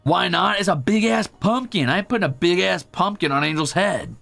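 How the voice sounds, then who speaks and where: A man's voice: high-pitched, expressive, brisk, vocal fry, pushed and bright, faint music behind. A man streaming while he draws, chatting casually and rambling, muttering to himself and teasing his cat. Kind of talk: casual chat while drawing.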